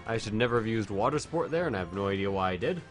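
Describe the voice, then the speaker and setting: A man's voice: on the low side, lively intonation, very fast, faint music behind. A man streaming a video game while drunk, chatting casually, rambling and swearing a lot.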